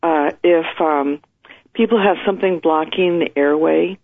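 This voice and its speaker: Woman guest, gravelly early morning voice, chatty, tinny phone line. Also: deep voice, unhurried. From United States. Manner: chatty, detailed, many fillers. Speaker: interview guest. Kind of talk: recounting a personal story.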